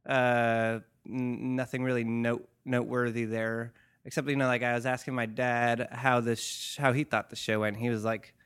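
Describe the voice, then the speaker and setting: Smooth-voiced man, rambling casually. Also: medium pitch, little pitch movement, normal speed, a bit bright. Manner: rambling, many fillers, dry sarcasm. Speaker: podcast co-host. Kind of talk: casual chat.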